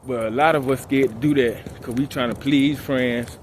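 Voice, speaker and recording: A man's voice: mid-range voice, moderate pace. Laid-back man vlogging outside. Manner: calm, laid-back, slangy. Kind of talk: casual motivational talk while walking. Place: outdoors at night, walking laps. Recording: outdoor street noise. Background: traffic and outdoor ambience.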